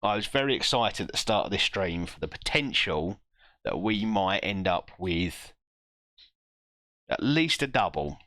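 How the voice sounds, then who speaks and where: A man with a low-set but bright, forceful voice talks through his football management game live on stream. His pitch jumps around a lot as he groans and mocks himself over each result. The sound is close and dry, with no room in it. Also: expressive, measured pace, no echo. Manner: self-mocking, groaning reactions to match events.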